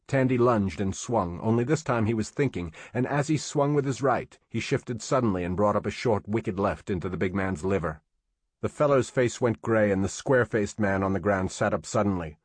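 A man narrating an audiobook in a steady, measured storytelling manner. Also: on the low side, no room sound.

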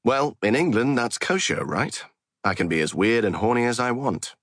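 A man's voice: mid-range voice, very animated, normal speed, fairly bright tone, no echo, clean studio sound, pitched above the performer's own voice. A man voicing a brash, crude podcast co-host. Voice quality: brash, boastful. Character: crude, horny young male podcast co-host. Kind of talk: audiobook reading.

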